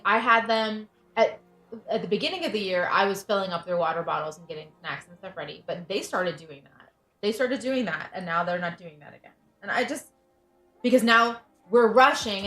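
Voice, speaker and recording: A woman's voice: mid-range voice, brisk, bright, forceful tone. A woman in her thirties chatting casually as a livestream host, venting with frustration and frequent restarts. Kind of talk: casual chat. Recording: roomy echo, faint music behind.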